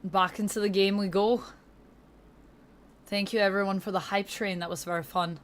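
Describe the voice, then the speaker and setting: A woman's voice: mid-range voice, fairly even intonation, moderate pace, slight background noise. A woman livestreamer in casual chat with her viewers, upbeat, thanking them and reading chat aloud into a desk streaming mic.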